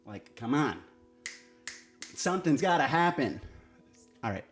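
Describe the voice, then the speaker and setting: A man's voice: on the high side, big pitch swings, unhurried, soft background music. A man giving a casual, sarcastic and exasperated TV review, swearing now and then.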